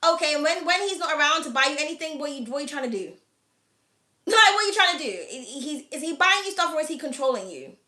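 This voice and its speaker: A woman in candid chat to camera, blunt and quick to swear. Her voice sits high and sounds bright and sharp. The room around her gives an echo. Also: expressive. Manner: frank and blunt, swears freely, laughs often. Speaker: host of an astrology reading channel.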